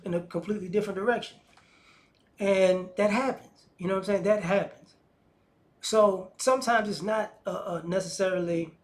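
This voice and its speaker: A commentator with a notably high voice delivers a loose, slangy opinion monologue. His manner is lively and animated, and he slips into acted-out voices of the people he's describing.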